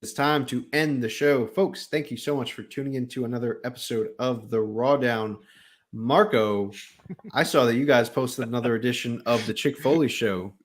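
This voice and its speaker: A man's voice: medium pitch, moderate pace. Male podcast host, mid-range voice, easygoing and hesitant. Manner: relaxed, hesitant with many fillers. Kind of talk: casual wrestling podcast chat.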